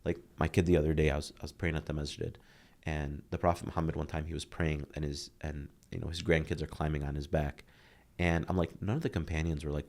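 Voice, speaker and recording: A thirty-something motivational speaker, a guest in a candid podcast conversation, talks fast in a bass voice. He's earnest and animated as he tells stories, performing the quotes as he goes.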